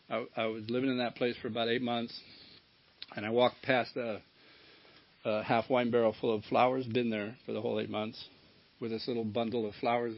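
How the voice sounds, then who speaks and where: A man's voice: medium pitch, vocal fry. A middle-aged man giving a candid personal share at a recovery meeting, swearing casually as he tells his story. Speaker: recovery speaker. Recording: dull lo-fi talk recording.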